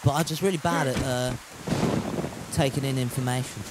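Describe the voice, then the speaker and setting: A man's voice: medium pitch, fairly even intonation, moderate pace, pauses often, background noise. A man streaming a survival game, chatting and joking, swearing freely and reading the chat aloud. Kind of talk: casual gameplay commentary.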